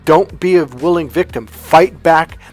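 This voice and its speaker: A relationship coach with a voice on the high side delivers a motivational vlog monologue a little slowly over soft background music. He is blunt, profane, and emphatic.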